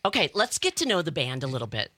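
A woman's voice: deep voice, sing-song, fast talker, bright, forceful tone, no echo. A woman co-hosting a live radio show in the studio, enthusiastic and giggly as she interviews the band. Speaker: radio co-host.

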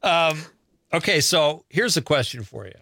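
A man hosting a casual radio interview, friendly and upbeat, asking quick questions. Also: a little high, very animated, gravelly, pushed and bright, no echo. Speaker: radio show host.

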